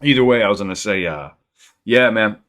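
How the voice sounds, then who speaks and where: A man's voice: on the low side, lively intonation, fairly quick, a bit bright. A man hosting a reaction channel, talking casually and rambling with frequent laughs.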